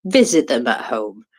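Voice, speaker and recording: A woman co-hosting an online audio chat about war news, halting with fillers and restarts, with dry sarcasm. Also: sits low, breathy edge. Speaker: co-host commenting on war news. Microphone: Twitter Space audio.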